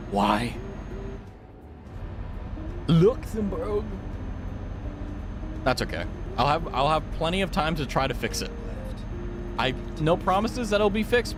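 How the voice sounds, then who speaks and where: A man's voice: on the high side, brisk, background noise. A man streaming a trucking game, chatting to his viewers, laughing and yelping when things go wrong. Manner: excitable, laughing, yelps at glitches, talks to chat. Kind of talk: casual game stream chat.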